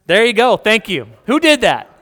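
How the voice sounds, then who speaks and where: A man's voice: sits high, big pitch swings, moderate pace, a bit bright. A man preaching a sermon to a congregation in a church hall, conversational and playful, with asides to the people in front of him. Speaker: pastor.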